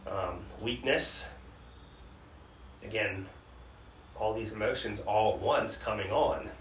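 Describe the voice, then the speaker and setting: Man, earnest candid storytelling, lowish voice, roomy distant mic. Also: slow pace. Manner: earnest, recounting trauma candidly with restarts. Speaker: podcast co-host. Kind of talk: personal storytelling in conversation. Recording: roomy sound from a distant mic with faint background noise.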